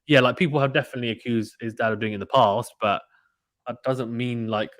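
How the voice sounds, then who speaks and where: A man doing casual live play-by-play tennis commentary, reading out chat messages in an excitable, slangy way. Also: mid-range voice, fast, no room sound. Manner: chatty, excitable, uses British slang.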